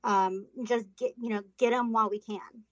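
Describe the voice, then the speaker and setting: A woman's voice: on the high side, fairly even intonation, normal speed, noisy background. A woman from Florida, a volunteer manager and podcast guest, answers questions earnestly with many ums. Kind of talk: interview answers. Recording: dull, dry remote recording.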